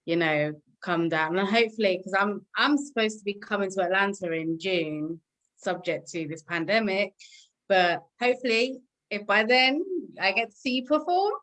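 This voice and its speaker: A woman's voice: medium pitch, moderate pace, a bit bright. A woman with a British accent interviewing a musician in a chatty, friendly way. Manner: chatty, laughs often. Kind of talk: casual interview.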